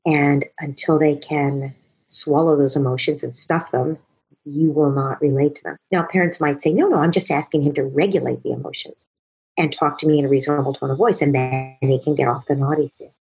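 A woman with a low-pitched voice talks earnestly and at length about raising children. Her tone is very smooth and clean. She speaks as a parenting expert answering a question, slipping into parents' and children's voices to make her point. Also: steady tone, brisk, a little mellow, soft background music, low-quality recording. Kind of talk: explanatory talk answering a question.

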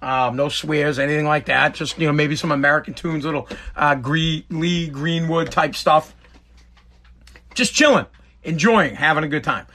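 A man's voice: fairly high pitch, normal speed. A man hosting a talk show, telling a casual story in a rambling way with many restarts, and reading viewer comments aloud. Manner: animated when quoting others in the story.

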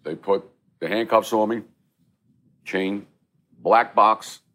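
Speaking slowly in a lowish voice with a fairly bright tone, a middle-aged podcast co-host swaps stories in a relaxed restaurant conversation. He's blunt, profane, and talks like he's from the street, cursing freely.

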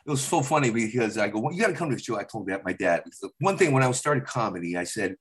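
A middle-aged comedian guest with a lowish voice talks very fast, sharing casual stories about his family packed with acted-out dialogue. He animatedly plays his dad's lines, his voice jumping up and down as he shifts into other people's parts.

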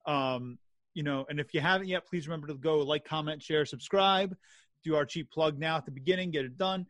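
A man's voice: fairly high pitch, brisk, fairly bright tone, no echo. A man co-hosting a casual wrestling podcast, laughing easily and making friendly plugs. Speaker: podcast network co-host.

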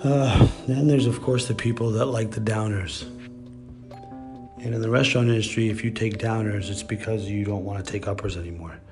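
A man's voice: lowish voice, steady tone, normal speed, over music. A man hosting a podcast, telling stories in a casual, blunt and profane monologue. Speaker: podcast host.

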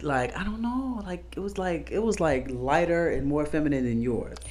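A man in his twenties with a soft voice co-hosting a podcast, chatting casually and rambling with lots of fillers. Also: fairly high pitch, normal speed. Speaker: podcast co-host.

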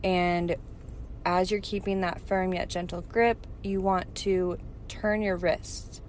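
A woman co-hosting a casual chat, calmly explaining a technique step by step with frequent ums. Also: lowish voice, takes it slowly, a little hiss or hum. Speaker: podcast co-host giving advice. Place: parked car.

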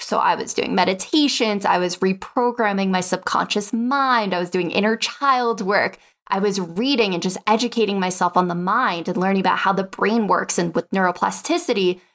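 A woman's voice: medium pitch, fairly bright tone. A young adult woman, a podcast guest, telling her story in a casual interview and acting out her own past dialogue.

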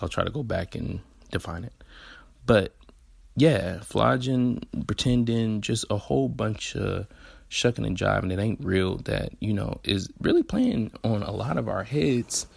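Deep gravelly Southern man podcasting. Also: measured pace, dry recording. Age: 20s. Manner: laid-back, candid, slangy and profane. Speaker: podcast host. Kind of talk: casual solo podcast monologue.

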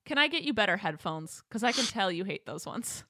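A woman hosting a casual chat show with her mother, ranting in an animated way and laughing often. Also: mid-range voice, fairly quick, dry recording, clean studio sound. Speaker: host. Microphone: studio microphone.

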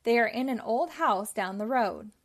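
A helpful old male colonel dog voiced by a woman reader in a children's storybook. He calls out in a hearty, commanding way. The voice is fairly high and lively. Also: normal speed.

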